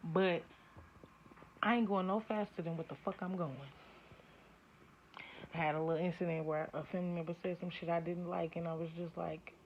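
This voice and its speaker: A woman with a lowish voice talks straight into the camera through a casual tarot and spiritual reading, blunt and full of profanity. She often builds into heated rants. The audio is dull and lo-fi, with a faint hiss underneath. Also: fairly even intonation, normal speed, pauses often. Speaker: spiritual reader.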